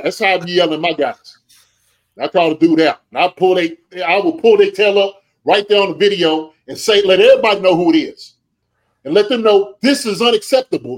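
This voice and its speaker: A man's voice: high voice, moderate pace, rough recording. A man, a former pro football player and special teams coach, gives passionate podcast commentary from home. He lectures in an impassioned way and keeps asking "okay?".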